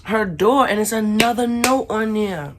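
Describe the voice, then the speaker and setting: A woman from Brooklyn, telling a casual storytime to her viewers and acting out the shouting in it. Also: medium pitch, a little slow, background noise. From Brooklyn, New York. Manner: animated, acts out shouted quotes. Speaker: vlogger.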